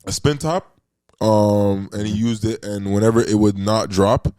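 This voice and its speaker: A man co-hosting a podcast, explaining a film hesitantly with many pauses and self-corrections. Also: on the low side, fairly even intonation, warm tone, no room sound. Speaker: podcast co-host. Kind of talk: casual movie discussion.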